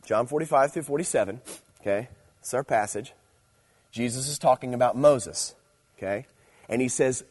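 A young man preaching to a youth group in an easy, chatty way. His voice is slightly husky and sits at an ordinary middle pitch. He tells stories loosely and then picks up energy as he makes his points. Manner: conversational storytelling, animated and playful when preaching. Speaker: youth pastor. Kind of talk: casual sermon.

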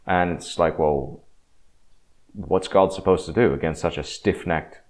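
Low-voiced man rambling on faith. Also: fairly even intonation, measured pace. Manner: rambling, frank, with many restarts. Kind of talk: casual religious reflection.

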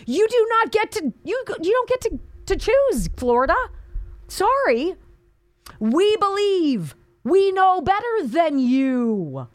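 A woman hosting a talk radio hour, reading the news and tearing into it with sarcasm. Her voice sits a little high and swings widely as she mocks and scolds. The sound is dry and close, with no room around it. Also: dry recording. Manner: sarcastic, indignant, mocking asides. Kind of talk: opinionated talk radio monologue.

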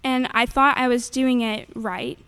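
A woman's voice: fairly high pitch, a little slow, fairly bright tone, clear, resonant tone. A young woman giving a nervous, earnest faith testimony into a handheld microphone at a church gathering, with many fillers.

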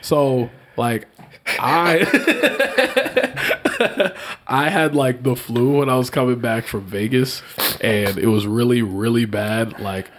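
A man with a stuffy, nasal cold voice, chatting casually and telling lively stories, acting out quotes and laughing at himself. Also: takes it slowly, slight background noise. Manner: animated storyteller, acts out quotes in high voices, self-mocking laughs. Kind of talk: casual chat.

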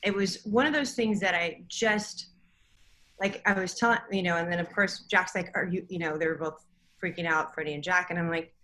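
A middle-aged woman with a bright, clear voice tells a story in casual podcast chat. Her telling is emotional and rambling, and she circles back over her own words. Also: on the low side, normal speed, low-quality recording.

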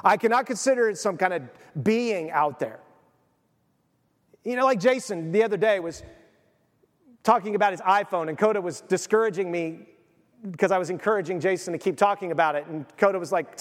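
A man preaching a sermon with animated storytelling, acting out the voices of the people in his stories. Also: high voice, a little fast. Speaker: pastor. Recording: long hall reverb.

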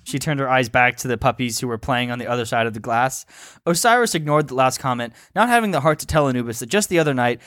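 Host reading out fan fiction with giggly stumbles, close and dry. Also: male voice, mid-range voice, a bit bright, dry recording. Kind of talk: read-aloud comedic narration.

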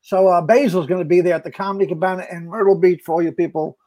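A man, an actor and comedian, telling set stories in casual chat, animated and full of stammered restarts. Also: sits high, fast. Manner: animated, acts out quoted voices, stammering restarts.

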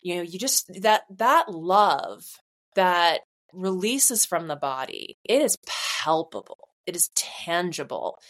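A woman in her forties co-hosting a podcast, talking in a rambling, reflective way with many fillers. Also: lowish voice. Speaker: podcast co-host. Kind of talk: casual conversation.

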